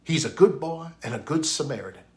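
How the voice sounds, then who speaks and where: A man putting on a Southern accent to voice a friendly older woman in a store, higher than his own voice. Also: expressive, a little fast, darkish tone, close to an everyday voice. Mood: warm, approving.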